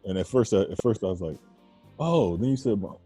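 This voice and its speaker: A man with a very deep, dark voice and a husky edge asks his co-host playful, teasing questions. He is recorded close and dry, with faint music underneath. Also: fast talker, no room sound, poor audio. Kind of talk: casual chat, asking questions.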